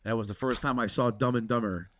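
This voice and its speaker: A man's voice: mid-range voice, quick pace, slight background noise. A man hosting a podcast, telling a wild story in casual, profane chat, peppered with "dude". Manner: animated, profane, keeps saying dude. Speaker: podcast host.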